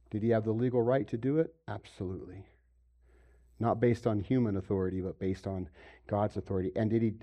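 A pastor giving a sermon, moving from quiet stretches to loud, emphatic preaching and asking his congregation questions. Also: fairly low pitch. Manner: asks the audience questions. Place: room with a congregation.

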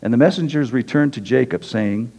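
A male preacher talks his congregation through a scripture passage in an easygoing, chatty manner, often tagging his sentences with "okay?". His voice sounds dark and mellow, and it carries a long reverb from a large hall. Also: medium pitch, brisk, husky. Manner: conversational, tags lines with "okay?". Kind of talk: sermon.

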